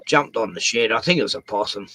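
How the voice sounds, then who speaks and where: A man's voice: fairly low pitch, lively intonation, fast, sharp tone, no room sound. An Australian man hosting a late-night live stream, chatting casually and swearing freely, often trailing off mid-sentence. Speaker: streamer host.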